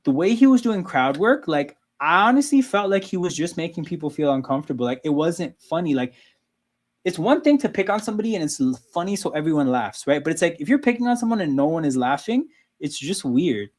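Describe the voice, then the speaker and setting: A man's voice: fairly high pitch, lively intonation, a little fast. A man hosting a casual sports watchalong livestream, talking loosely and filling his talk with "like" and "right?". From Canada. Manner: loose, conversational, frequent "like" and "right?". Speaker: livestream host.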